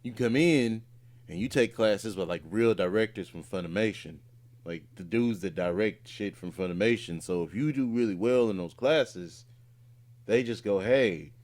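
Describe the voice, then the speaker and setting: A man's voice: fairly low pitch, normal speed, a little mellow. A man, a voice actor and podcast co-host, chatting casually and telling a rambling story with lots of fillers and restarts. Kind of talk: casual chat.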